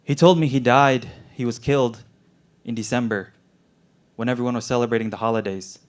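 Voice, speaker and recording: A man's voice: mid-range voice, fairly even intonation, fairly quick. A young man, a medical student, performing an earnest, emotionally intense spoken word story. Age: young adult.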